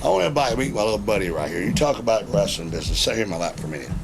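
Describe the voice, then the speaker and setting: A middle-aged man, a wrestling veteran telling profane, animated stories in a casual interview. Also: lowish voice, rapid-fire, creaky. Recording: noisy background.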